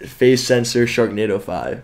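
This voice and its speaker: A man's voice: mid-range voice, expressive, a little slow, gravelly, a little mellow. A man who is a guest on a podcast, chatting eagerly and telling stories, often saying "dude" and "like". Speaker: podcast guest, pro gamer. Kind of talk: casual chat.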